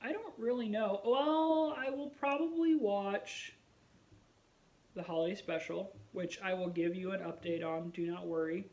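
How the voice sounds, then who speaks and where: Chatty man with a high, gravelly voice. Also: unhurried, darkish tone, rough recording. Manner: rambling, musing aloud with fillers; wry, self-mocking humor. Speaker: vlogger. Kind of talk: casual chat to camera.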